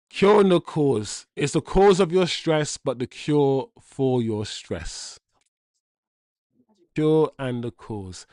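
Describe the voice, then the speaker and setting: A man's voice: medium pitch, no room sound, clean studio sound. A young man hosting a live football watchalong, chatting casually with slang and reading out viewers' comments. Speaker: host.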